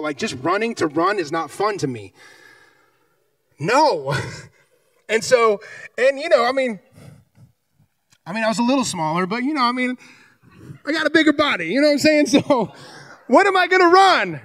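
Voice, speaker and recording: A man preaching a sermon, telling a personal story in an animated way and acting out its scenes. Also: high voice, moderate pace, long pauses, dry recording, distant mic. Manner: animated, acts out scenes and voices in his story.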